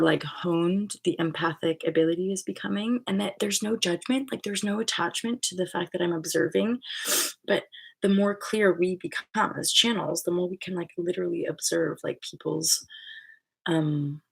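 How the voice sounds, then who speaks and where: A woman's voice: on the low side, vocal fry, slightly rough. A woman hosting her own channel, talking in a rambling, casual spiritual monologue full of fillers, restarts and swearing. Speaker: channel host.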